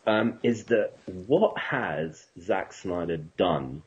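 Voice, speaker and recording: A man's voice: low-pitched, lively intonation, very slow, husky, dull audio. A man as a podcast guest in casual chat, asking questions in a roundabout way with many fillers.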